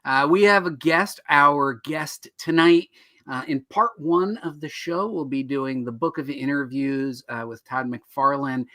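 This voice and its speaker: A man's voice: mid-range voice, measured pace, bright, forceful tone, no echo. A man hosting a live online talk show about comics, joking and teasing himself and his co-host. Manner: jokey, self-deprecating, upbeat.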